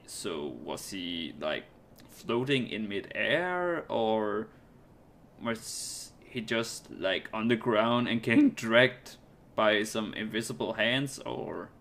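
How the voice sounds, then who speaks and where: A man's voice: lowish voice, fairly bright tone, slight background noise. A man casually commenting while playing a game, musing aloud and rambling with light laughs. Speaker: let's play host.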